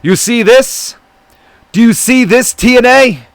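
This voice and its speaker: A man voicing a boastful male luchador wrestler in a put-on Spanish accent, proclaiming loudly. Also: extremely high pitch, a little slow, dry recording, pitched above the performer's own voice. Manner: loud, proclaiming, braggart.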